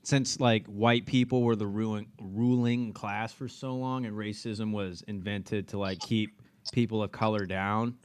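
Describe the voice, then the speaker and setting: A man co-hosting a podcast in casual chat, relaxed and rambling, with ums and frequent laughs. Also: on the low side, a little slow, clean tone. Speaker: podcast co-host.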